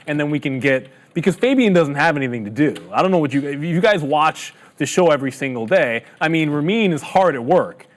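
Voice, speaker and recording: A man's voice: fairly high pitch, lively intonation, a little fast. A man co-hosting a live trading stream, bantering casually and then thinking aloud about stock levels and trades. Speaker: co-host of a live trading show.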